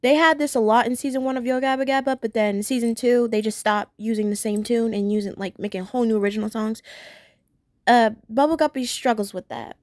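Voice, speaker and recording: A woman talking through a cartoon episode in a loose, rambling review. She has a fairly high voice and often restarts her sentences as she gushes. The sound is dry and close, with no room behind it. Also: brisk, a little mellow, dry recording. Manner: gushing, acts out characters' lines in voices. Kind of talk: casual video review.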